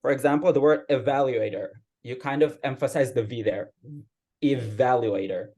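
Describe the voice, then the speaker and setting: A man's voice: mid-range voice, quick pace. A man giving a patient, explanatory grammar report as club grammarian at an online meeting, speaking over a video call. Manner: patient explaining, steady teacherly tone.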